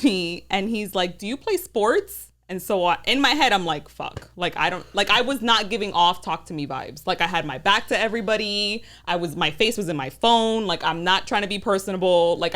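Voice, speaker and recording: A woman's voice: fairly low pitch, normal speed, hardly any pauses, a bit bright. A woman in her thirties chatting casually as a podcast guest, telling stories with lots of "like" fillers and swearing. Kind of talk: casual chat.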